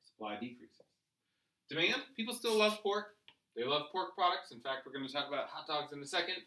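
Animated man teaching in echoey room. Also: a little high, a little fast, distant mic, a little hiss or hum. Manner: lively, rhetorical questions, animated emphasis. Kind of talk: economics lecture while drawing graphs.

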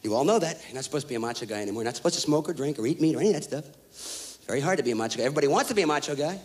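A man in his thirties doing a loud, profane stand-up rant on a live stage. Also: on the high side, lively intonation, very fast. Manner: loud, profane, ranting, mocking voices. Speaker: stand-up comedian. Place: stage before a live audience. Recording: live stage recording with audience.

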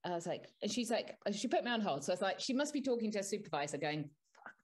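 A woman co-hosting a podcast in casual chat, telling an exasperated story with animated energy. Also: medium pitch, fast talker. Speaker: podcast co-host.

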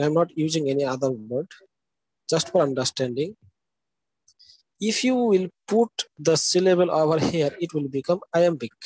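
A slightly high, a little mellow and husky voice belongs to a man lecturing live at a university, recorded roughly with no echo. He explains each step, spells words out letter by letter, and checks in with repeated "okay?".

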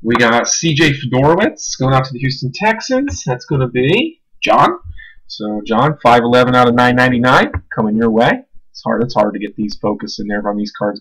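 A man hosts a live-streamed card break, talking in a relaxed, chatty way as he calls out each card. His voice sits at an ordinary middle pitch. There is faint background noise and the odd click. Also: low-quality recording. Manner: casual, chatty, calls out cards and names.

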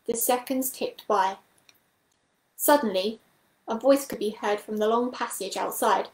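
A woman reading a children's animal novel aloud as a storyteller, steady and clear. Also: fairly high pitch, measured pace, pauses often, reverberant, poor audio.

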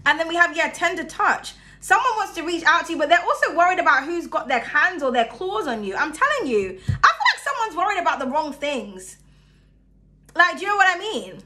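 A young woman talks through a tarot reading in a loose, chatty way. Her voice sits high and bright, and it jumps between loud bursts and hushed asides. She laughs often as she goes. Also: very animated, fairly quick. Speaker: tarot reader.

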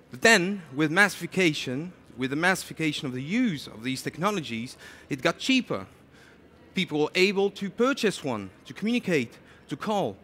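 A man giving a lively conference talk, chatty and animated, often saying "you know". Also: high voice. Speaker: conference speaker. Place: conference stage.

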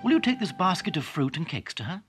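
A man's voice: on the high side, very animated, quick pace, a bit bright, soft background music, voice pushed up. A man voicing a caring but firm mother on a children's story tape, giving careful instructions. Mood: fussing. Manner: fussing, instructive.

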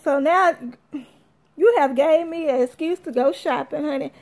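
High-voiced chatty woman vlogger. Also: normal speed. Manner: animated, chatty, addresses viewers as y'all. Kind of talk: casual storytelling to viewers.

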